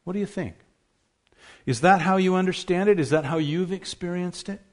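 A man's voice: high-pitched, moderate pace. A man preaching a sermon, emphatic, asking rhetorical questions and stressing key words.

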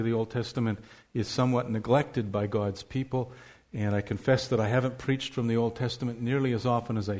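A pastor delivering a sermon to his congregation, in a mid-pitched male voice. He talks through the passage in a plain, even way. His hesitations now and then are those of unscripted preaching. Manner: reads scripture in a raised, emphatic voice, prays softly. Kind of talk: sermon with scripture reading and prayer.

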